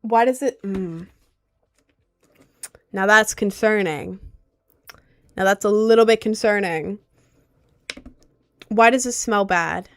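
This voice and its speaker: A woman's voice: slow pace, long pauses. Chatty young woman streaming. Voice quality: natural voice on the low side. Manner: chatty, rambling, reacts aloud to chat. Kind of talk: casual livestream chat reading comments.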